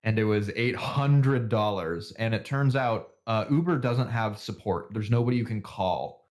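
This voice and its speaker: A man with a fairly low voice, talking on a casual podcast. He rants and swears freely and laughs at his own jokes. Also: moderate pace, darkish tone. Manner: ranting, swearing, laughing at himself. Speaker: podcast co-host. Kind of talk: casual profane podcast banter.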